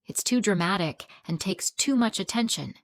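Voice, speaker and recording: A woman's voice: medium pitch, lively intonation, moderate pace, no room sound, close to an everyday voice. A woman voicing a demanding, dismissive young bride.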